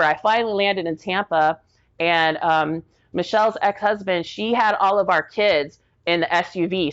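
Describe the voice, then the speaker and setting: An animated middle-aged woman recounts a personal story on a podcast, leaning on "like" and acting out what people said. Her voice sits a little low. The audio is dull and lo-fi. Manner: animated, acts out quotes, frequent "like" fillers. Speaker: guest.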